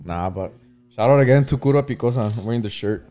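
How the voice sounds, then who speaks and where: A man's voice: mid-range voice, expressive, quick pace, warm tone. A man in a casual podcast chat. He keeps the talk moving and mixes Spanish slang into his English. His voice rises and falls a lot. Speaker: podcast host.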